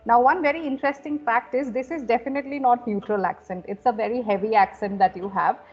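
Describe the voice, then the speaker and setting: A woman's voice: fairly high pitch, fast talker, breathy edge. A woman English trainer from India, interviewing a colleague in an encouraging way, with lots of "you know" fillers. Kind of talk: conversational interview. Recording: dull lo-fi audio with faint music.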